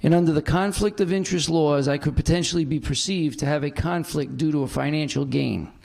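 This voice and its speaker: Creaky-voiced man chairing a council meeting. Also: fairly high pitch, a little mellow. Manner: measured, reads a prepared statement with deliberate emphasis. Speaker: city council president. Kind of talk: chairing a formal public meeting. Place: council chamber.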